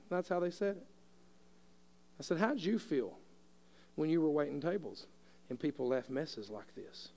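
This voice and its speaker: A middle-aged pastor with a drawl preaches in a fairly high voice. He tells homespun stories with an easy, folksy delivery, then drives each point home with growing force. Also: expressive, normal speed, long pauses, darkish tone. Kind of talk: sermon.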